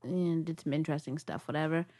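A woman's voice: low-pitched, fast, a little mellow, slight background noise. A young woman co-hosting a casual film review podcast, playful and jokey, sometimes dropping to a whisper. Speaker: podcast co-host.

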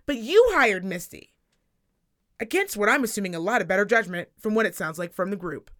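A woman in her thirties co-hosting a casual podcast, telling a story in an animated, profane rant. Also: mid-range voice, fast talker. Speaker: podcast co-host. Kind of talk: casual chat.

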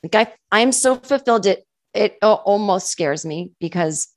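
A woman comedian with a faint Boston accent tinged with California, talking casually and self-deprecatingly as an interview guest, with animated asides. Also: mid-range voice, moderate pace, dry recording, studio quality. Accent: faint Boston with California touches. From Boston area, USA.

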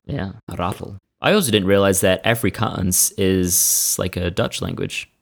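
Podcast co-host, male, deep gravelly voice, eager fact-sharer. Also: normal speed. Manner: enthusiastic, trades animal facts with laughter. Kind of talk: casual chat.

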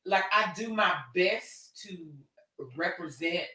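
A woman's voice: fairly low pitch, slow pace, pushed and bright. A woman co-hosting a live talk show, chatting frankly and animatedly about relationships. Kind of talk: casual chat about relationships. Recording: roomy sound, mic at a distance.

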